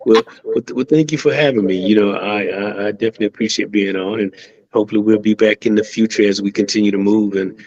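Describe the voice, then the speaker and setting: A man's voice: lowish voice, fairly even intonation, fast, a little mellow, muffled recording. An American man, a musician guest on a radio show, talking in an easygoing, chatty way with many fillers. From United States. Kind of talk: casual radio interview.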